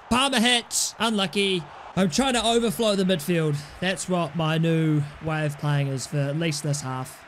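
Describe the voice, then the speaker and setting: A man's voice: sits high, fairly bright tone, slight background noise. A young man playing a football video game and commentating, frustrated and swearing at his players. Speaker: gaming YouTuber.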